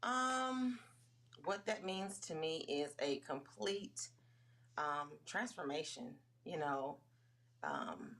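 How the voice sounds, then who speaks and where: Middle-aged woman, interview guest, lowish voice, relaxed, good-humored. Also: slow pace. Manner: easygoing and good-humored, laughs readily. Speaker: guest entrepreneur. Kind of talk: casual interview chat.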